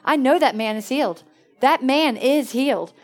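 A woman preaching in a lively storytelling way, jumping from excited bursts to hushed, quiet asides. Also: high-pitched, normal speed, faint music behind. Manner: animated, swings between excited exclamations and hushed asides. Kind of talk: storytelling sermon.

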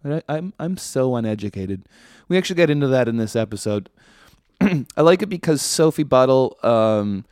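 A man in the middle of his pitch range rants sardonically through a casual comedy monologue as a podcast host. He swears freely. His voice sits close and dry, with no room around it. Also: animated, moderate pace, a little mellow, clean tone, no room sound. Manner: ranting, sardonic, profane.

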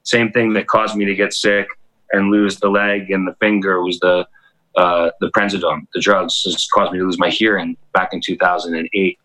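Middle-aged male host, bright voice, loose, profane, animated storyteller. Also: low-pitched, normal speed, rough recording. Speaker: DJ and podcast host. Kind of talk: casual storytelling chat.

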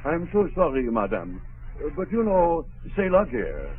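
A man's voice: fairly high pitch, huge pitch swings, husky, pitched above the performer's own voice, exaggerated voice. A man putting on a mock-French apologetic cleaner. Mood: sheepish. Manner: halting, broken English with hesitant uhs. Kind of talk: 1940s radio sitcom acting. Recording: tinny old radio broadcast, faint audience.

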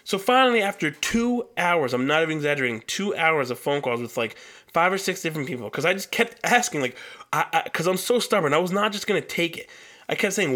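A man's voice: on the high side, lively intonation, fast talker, bright, forceful tone. A young man hosting a solo podcast, telling a long story in a heated, profane rant. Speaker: podcast host.

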